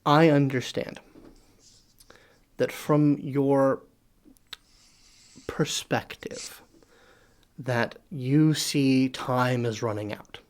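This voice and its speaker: A game master voicing a calm, scheming long-lived husband. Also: medium pitch, extremely slow, pauses often. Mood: condescending. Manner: calm, condescending reassurance. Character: patient, scheming long-lived male gambler.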